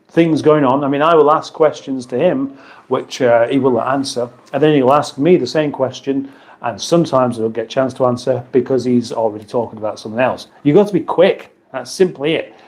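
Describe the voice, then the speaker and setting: Live streaming casually from his home kitchen, an Englishman reads viewer comments aloud and trades dry, playful banter. His mid-range voice has a darkish tone and a moderate pace.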